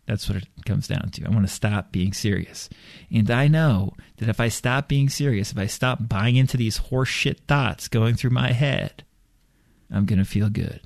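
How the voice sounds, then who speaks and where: Gravelly, blunt and profane man. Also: on the low side, moderate pace, a little mellow, no room sound, studio quality. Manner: blunt, profane, irreverent and emphatic. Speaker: self-help teacher. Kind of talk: motivational monologue.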